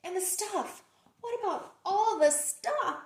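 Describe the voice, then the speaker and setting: A woman's voice: extremely high pitch, animated, slow pace, darkish tone, pitched above the performer's own voice, full character voice. A woman doing a fretful, whiny cartoon pigeon. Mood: worried. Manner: whiny, dramatic, rising worried questions. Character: fretful, excitable young male pigeon. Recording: roomy echo.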